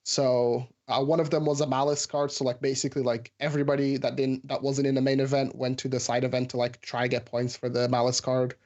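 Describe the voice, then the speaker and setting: A man's voice: mid-range voice, little pitch movement, a little fast, hardly any pauses, darkish tone, lo-fi sound. A man in a casual podcast chat, rambling through a story with many fillers and restarts. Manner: rambling, filler-heavy, says "like" often.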